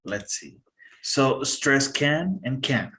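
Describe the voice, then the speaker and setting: A man tutors English in a relaxed way, guiding the student step by step and checking in with short prompts. He keeps it informal and steady. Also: medium pitch, slow pace, a little hiss or hum, rough recording. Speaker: English teacher. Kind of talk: casual tutoring.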